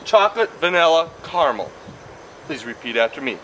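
A man's voice: fairly high pitch, lively intonation, moderate pace, creaky, a bit bright, a little hiss or hum. A man teaching a science lesson in a chatty, playful way, repeating key points and drifting into tangents. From Wisconsin.

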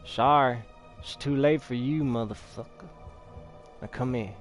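A man's voice: medium pitch, unhurried, soft background music. A man hosting a video game let's play, trash-talking and laughing at the enemies he fights. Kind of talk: gameplay commentary.

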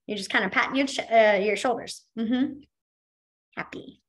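A woman's voice: a little high, brisk. A woman teaching a beginner sign language class in a chatty, demonstrative way, with lots of fillers. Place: library classroom.

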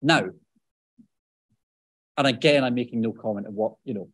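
A man speaking off the cuff on a policy panel, talking conversationally with many asides and quick self-corrections. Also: medium pitch, fairly bright tone, dry recording. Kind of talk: unscripted panel discussion answer.

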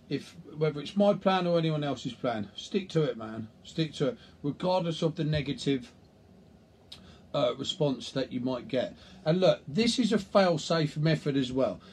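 A man's voice: a little high, a little mellow, slight background noise. A man, a nutrition coach, talking bluntly and casually to camera, with the odd swear word. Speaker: nutrition coach and personal trainer. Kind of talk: casual talking-head vlog.

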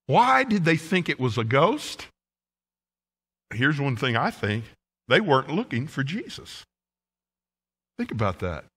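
A man preaching a sermon as pastor, telling folksy stories from his childhood with animated rises and falls. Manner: folksy storytelling preacher, animated swings in pitch and volume. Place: church sanctuary. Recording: long church reverb.

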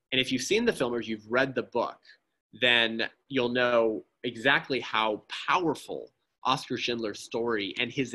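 Man, pro-life speaker, impassioned church talk, emphatic, keeps asking the crowd, sharp bright voice with some rasp. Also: medium pitch. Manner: emphatic, keeps asking "right?" and addressing "friends".

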